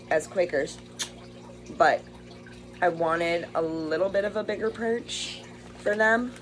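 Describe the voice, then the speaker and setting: Slow-talking gushing woman, noisy room. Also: fairly low pitch. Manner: gushing, talks to her birds. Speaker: bird rescue vlogger. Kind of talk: casual unboxing chat. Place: home with pet birds.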